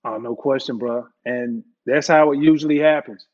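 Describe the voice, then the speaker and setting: A man's voice: medium pitch, steady tone, normal speed, a little mellow. Host: man, casual and reflective, lo-fi muffled sound. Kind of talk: casual chat. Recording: dull lo-fi sound.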